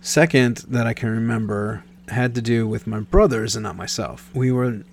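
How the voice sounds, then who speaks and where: There's a bit of hiss or hum behind this mid-range, fairly even voice, moving at a moderate pace. He's a thirty-something from Nebraska, USA, telling a casual personal story in a rambling way, with many restarts and mid-sentence self-corrections.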